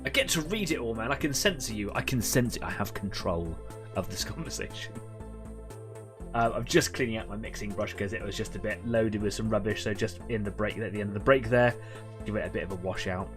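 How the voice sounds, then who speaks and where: A man's voice: on the low side, brisk, over music. Chatty man hosting a stream. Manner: chatty, rambling, self-deprecating. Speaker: host of an online painting club stream. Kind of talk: casual live-stream chat.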